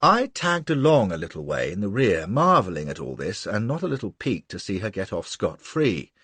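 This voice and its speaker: A man's voice: on the low side, big pitch swings, normal speed, a bit bright, breathy edge, no room sound. A man narrating a novel in the first person, with a brash, wry manner. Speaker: audiobook narrator.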